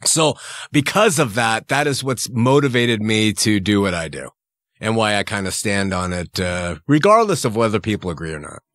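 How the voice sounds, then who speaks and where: Middle-aged male guest, frank, low-pitched, dry studio sound. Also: moderate pace, no room sound. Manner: frank, relaxed. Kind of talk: casual interview talk.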